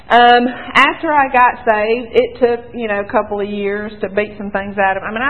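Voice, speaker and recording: A woman in her thirties with a Southern American accent gives her personal testimony to a church crowd. She talks in a chatty, joking way and pokes fun at herself. The sound is thin and tinny, as if it came down a phone line. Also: medium pitch. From Alabama, US. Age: 30s. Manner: chatty, joking, self-mocking storyteller. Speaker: missionary nurse speaking to a church.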